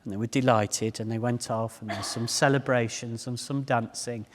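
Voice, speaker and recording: A man giving a public talk to a live audience, telling stories in an animated, self-deprecating way. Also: mid-range voice, moderate pace. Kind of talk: humorous storytelling talk. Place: large hall before a live audience. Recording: echoey hall with long reverb.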